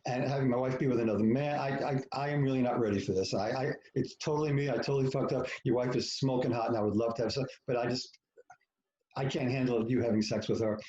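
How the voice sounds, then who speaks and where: As a podcast guest, a man with an ordinary middle-pitched voice and a dark tone tells a personal story frankly and profanely, slipping into other people's voices and mocking himself. The sound is roomy and a little muffled, like a home setup.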